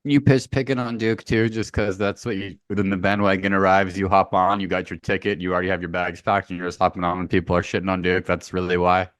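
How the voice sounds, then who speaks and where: A man's voice: deep voice, level tone, fast, hardly any pauses, fairly bright tone, dry recording. A man co-hosting a podcast, rambling and joking in casual sports banter, swearing freely. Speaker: podcast co-host. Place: remote Hawaii.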